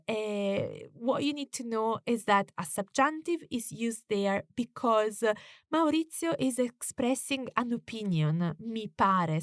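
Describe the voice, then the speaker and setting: A woman with as her teaches a lesson at a slow, patient pace, often pausing on "uh" as she explains. Her voice sits at a middle pitch and sounds close and dry, with no room echo. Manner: slow, careful explanations with frequent "uh" fillers. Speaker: language teacher.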